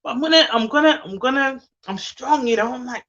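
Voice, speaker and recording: Woman, bright forceful voice, candid heartfelt live chat, dull lo-fi audio. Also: high-pitched, brisk. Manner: candid, heartfelt, reads out comments. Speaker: livestream host. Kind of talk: casual live chat to viewers.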